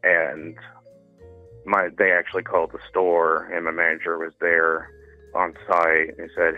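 A man's voice: low-pitched, completely flat delivery, unhurried, soft background music. A man calling in to a show, telling a story in a hesitant, rambling way full of fillers. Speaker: caller. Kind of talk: phone-in storytelling. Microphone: phone. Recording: tinny phone line.

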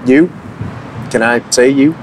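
A man's voice: mid-range voice, takes it slowly. A man playing a flustered, overly sensitive traffic police officer in a comedy sketch.

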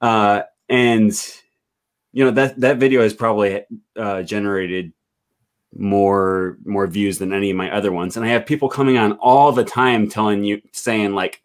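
Wisconsin man with a low voice. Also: steady tone, normal speed. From Wisconsin, USA. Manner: easygoing, many fillers and laughs. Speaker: host, language YouTuber. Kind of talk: casual interview.

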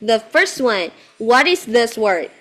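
A woman teaching English one-on-one to a child. Her voice is high, and her delivery is slow and deliberate. She quizzes with patient, repeated yes-no questions and slips into now and then. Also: big pitch swings, a bit bright. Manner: mixes in Vietnamese phrases.

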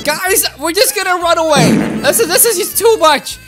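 A woman giving excitable gameplay commentary, squealing, giggling and crying out in panic, with faint game music behind. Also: very high-pitched, normal speed, hardly any pauses. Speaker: gaming video host.

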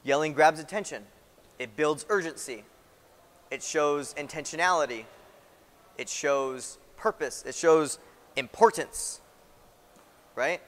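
A man's voice: on the high side, slow, pauses often, fairly bright tone. A man teaching a class as a military instructor, talking conversationally and often checking in with "right?". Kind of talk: classroom lecture. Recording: long reverb in a hall-like room.

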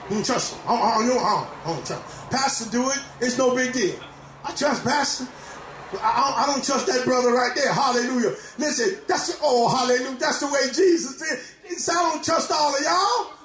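High-voiced shouting preacher. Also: male voice, fairly quick, reverberant, slight background noise. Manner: preaching with shouts and repeated hallelujahs. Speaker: pastor. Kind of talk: sermon. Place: church.

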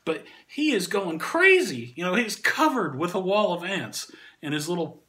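A man casually telling a funny anecdote, animated and often laughing through the story. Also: sits high, normal speed. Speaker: channel host and storyteller.

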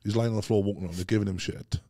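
This middle-aged Welshman, a podcast guest, races through rambling casual stories and peppers them with "mate." The recording is dry and studio quality, carrying his fairly low, warm voice with fairly even intonation.

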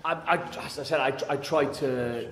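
A man's voice: mid-range voice, normal speed. A man, a guest actor on a convention panel, answering questions hesitantly with many fillers, in a large hall. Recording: echoey hall with faint ambience.

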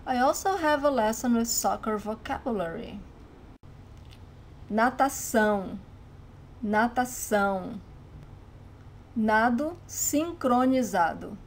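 A woman with a Brazilian accent gives a language lesson, speaking slowly and carefully and repeating each word. Her voice sits a little high, with a faint hiss of background noise. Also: darkish tone. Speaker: language teacher.

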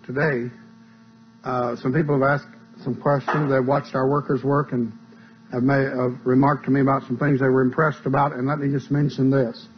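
Folksy preacher on an old tape. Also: male voice, medium pitch. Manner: folksy, plain-spoken teaching. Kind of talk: sermon. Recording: dull lo-fi tape with mains hum.

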